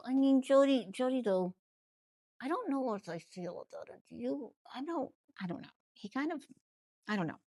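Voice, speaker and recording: Woman, ventriloquist host, casual gossip recap, chatty, lively swooping pitch, dry close sound. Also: moderate pace, no echo. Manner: chatty, animated, trailing off and restarting.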